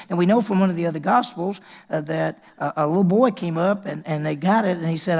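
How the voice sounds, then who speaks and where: A man's voice: sits high, quick pace, gravelly. A male pastor preaching a sermon in a conversational way, often restarting and repeating words.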